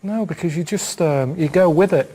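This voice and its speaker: A man with a Northern English accent, chatting on a comedy podcast in a deadpan, rambling way. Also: fairly high pitch, moderate pace, husky. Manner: deadpan, rambling, plain-spoken. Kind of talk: casual comic chat.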